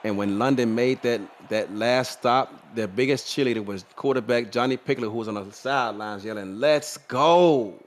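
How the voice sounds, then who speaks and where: A man's voice: mid-range voice, steady tone, fairly quick, hardly any pauses. Chatty male football color commentator. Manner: conversational analysis with casual asides and small laughs. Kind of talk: live sports color commentary.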